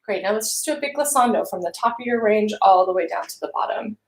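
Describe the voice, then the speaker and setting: A woman coaching a vocal warm-up, talking listeners through each exercise in a gentle, encouraging way. Her voice sits at an ordinary middle pitch for a woman. The room adds a noticeable echo around her. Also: lively intonation, fast, creaky. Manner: gentle, encouraging guidance with hums and sung syllables. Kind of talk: live-streamed vocal warm-up instruction. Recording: roomy echo.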